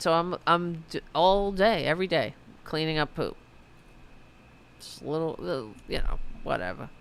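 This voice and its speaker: A woman's voice: sits low, creaky, slight background noise. A middle-aged woman hosting a podcast, chatting casually to her live audience, rambling and self-mocking, swearing freely. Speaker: podcast host. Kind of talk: casual late-night livestream chat.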